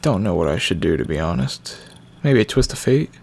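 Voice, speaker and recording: Young male gamer with a low, lively voice, reacting loudly during casual gameplay commentary. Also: brisk, vocal fry, breathy edge. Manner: candid, reacting loudly to the game. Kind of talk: casual let's-play commentary.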